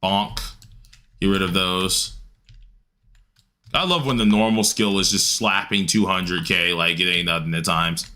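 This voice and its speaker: A man's voice: deep voice, fairly even intonation, unhurried, long pauses, pushed and bright. A man streaming a game, chatting casually with his chat in a laid-back, slangy way and laughing often. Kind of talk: casual livestream chat while gaming.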